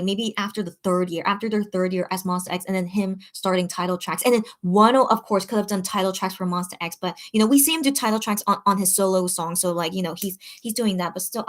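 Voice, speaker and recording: A woman hosting a casual chat with her viewers, rambling and chatty, full of fillers and restarts. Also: medium pitch. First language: English. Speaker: channel host reading live chat.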